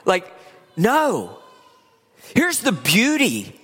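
A man from Virginia, preaching a sermon in a lively, conversational way in a church. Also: high-pitched, very slow, breathy edge. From West Virginia. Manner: lively, conversational preaching with laughs and acted asides. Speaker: pastor. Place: church sanctuary. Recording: long hall reverb.

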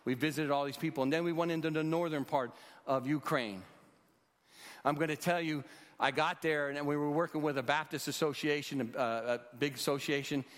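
A rescue mission leader in his sixties, who speaks at churches, shares a testimony in an earnest storytelling preacher's way. His slightly high, a bit bright voice stays steady and moves fairly quickly, under long hall reverb.

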